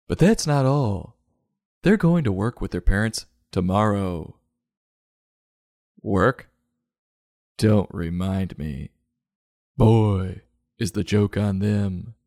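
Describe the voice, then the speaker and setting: Sarcastic low-voiced man reviewing a book. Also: no room sound, studio quality. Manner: sarcastic, jumps into loud silly voices. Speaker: podcast host.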